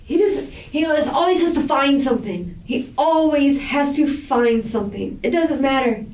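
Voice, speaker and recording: A woman being questioned by police, rambling and defensive as she vents, her somewhat high voice landing from a distance in an echoey interview room. It sounds like a real interrogation recording. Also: lively intonation, moderate pace, a little mellow.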